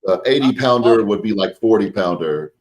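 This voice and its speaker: Deep-voiced middle-aged guy, podcast host, relaxed drawl. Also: normal speed, noisy background. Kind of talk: casual chat.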